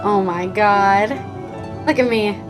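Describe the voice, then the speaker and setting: A woman's voice: medium pitch, steady tone, slow pace, low-quality recording. Giggly young woman streamer. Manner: chatty, giggly and reactive. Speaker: game streamer. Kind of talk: casual live-stream commentary. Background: game music.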